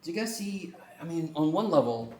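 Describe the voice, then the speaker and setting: Heard from a distance in an echoey classroom with faint hum, a male math lecturer talks a little fast in a slightly high voice. He's animated and loose, mixing jokes with plenty of swearing.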